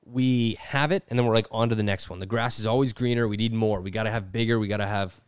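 A man's voice: on the low side, fairly even intonation, quick pace, smooth, dry recording, clean studio sound. A man hosting a podcast, talking casually and rambling with lots of "like", often acting out quoted voices. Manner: rambling, filler-heavy with frequent "like". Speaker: podcast host. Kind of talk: casual chat. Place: his studio.

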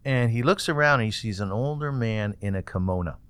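Smooth-voiced male interviewer telling a story. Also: lowish voice, fairly quick, dry recording. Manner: animated storyteller, acts out voices in anecdotes. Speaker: interviewer, host.

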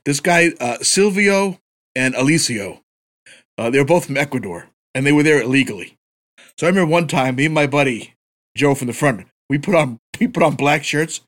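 A man co-hosting a casual podcast, telling stories with animated delivery and plenty of swearing. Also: a little high, normal speed. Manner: animated storyteller, swears freely. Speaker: podcast co-host. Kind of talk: casual chat, storytelling.

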